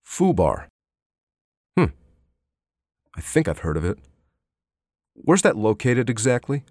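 A man's voice: mid-range voice, very animated, slow pace, a little mellow, no room sound, studio quality, voice pushed up. A man reading an audiobook, voicing a sardonic male police detective who needles with probing questions. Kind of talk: audiobook character voice.

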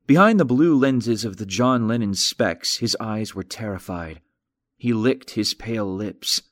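A man narrating a mystery audiobook in an even, wry, measured manner. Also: fairly low pitch, no room sound, studio quality. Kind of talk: scripted narration.

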